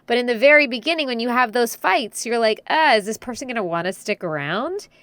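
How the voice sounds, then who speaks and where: A woman's voice: on the high side, animated, a little fast, a bit bright, no room sound. A woman co-hosting a podcast, giving earnest relationship advice in a casual chat. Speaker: podcast co-host.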